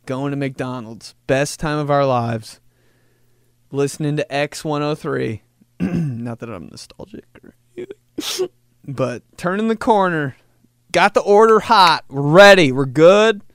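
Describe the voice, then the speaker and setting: A man hosting a podcast, joking through a rambling casual monologue and slipping into quick voices for people. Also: a little high, lively intonation, clear, resonant tone, no room sound, clean studio sound. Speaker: podcast host.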